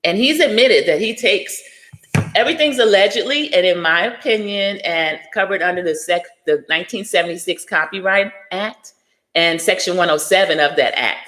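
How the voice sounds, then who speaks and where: A woman's voice: lowish voice, a bit bright, in a large hall. A middle-aged woman hosting a casual livestream, chatting and greeting viewers by name. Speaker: livestream host.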